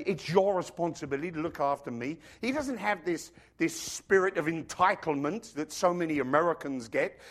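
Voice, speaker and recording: Animated male preacher, high voice with wide swings, engages the congregation. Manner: animated preaching, asks the congregation questions, acts out quoted voices. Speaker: pastor. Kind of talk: sermon. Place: church.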